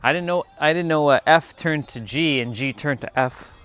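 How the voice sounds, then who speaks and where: A man's voice: fairly high pitch, moderate pace, fairly bright tone. A man hosting a livestream, chatting casually and playfully repeating a word he finds funny. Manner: playful, repeats words and laughs at them. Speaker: livestream host.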